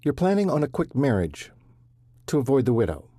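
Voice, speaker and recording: A man voicing a quick-witted young ranch son who presses hard with blunt questions. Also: mid-range voice, very animated, warm tone, no room sound, clean studio sound, voice pushed up. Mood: wry.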